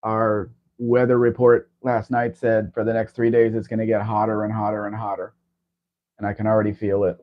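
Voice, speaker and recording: A man's voice: fairly low pitch, completely flat delivery, moderate pace. A man hosting a casual livestream chat, talking in a rambling, chatty way. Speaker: livestream host. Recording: dull lo-fi stream audio.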